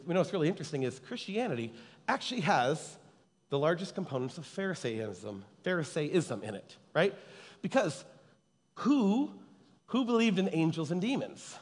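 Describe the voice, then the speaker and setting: A man preaching a conversational sermon to a live audience, chatty and teasing, always checking in with his listeners. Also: fairly high pitch. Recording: long hall reverb.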